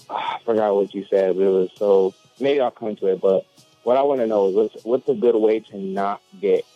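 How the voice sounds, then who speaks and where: Deep dark-voiced guy calling in, hesitant, muffled dull line. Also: steady tone, normal speed, faint music behind. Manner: hesitant, searching for words. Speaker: caller. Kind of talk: call-in question.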